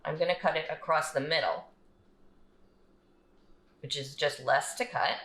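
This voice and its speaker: A woman's voice: sits low, measured pace, fairly bright tone. A woman librarian giving children a cooking demonstration. She explains each step in a friendly way. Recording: echoey room.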